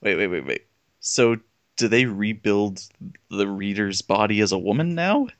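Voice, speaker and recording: A man's voice: on the low side, lively intonation, unhurried, no room sound. A man co-hosting a comedy reading, chiming in with wry sarcastic jokes in casual banter. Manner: wry sarcastic quips, jokey asides. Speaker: co-host.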